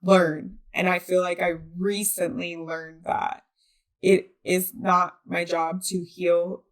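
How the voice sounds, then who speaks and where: A woman's voice: on the low side, level tone, takes it slowly. Earnest woman hosting a solo podcast. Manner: earnest, conversational, many fillers and restarts. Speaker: podcast host. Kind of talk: reflective solo podcast talk.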